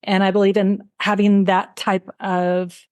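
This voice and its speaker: A woman hosting a podcast interview, telling stories in quick run-on bursts and acting out what others said. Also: mid-range voice, dry recording. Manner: animated storyteller who acts out quotes; fast, run-on talk with restarts. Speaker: podcast host. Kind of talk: casual interview chat.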